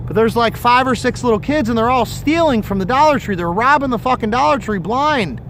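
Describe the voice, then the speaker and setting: High-voiced man rambling on a fishing stream. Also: lively intonation, a little fast, fairly bright tone, slight background noise. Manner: rambling, profane storytelling. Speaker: fishing livestream host. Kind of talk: casual chat. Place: outdoors fishing by water. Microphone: phone or camera on a livestream.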